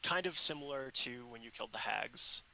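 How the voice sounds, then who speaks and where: A man narrating a tabletop role-playing game as dungeon master, unhurried and full of fillers. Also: mid-range voice, animated, vocal fry, bright, forceful tone, slight background noise, low-quality recording.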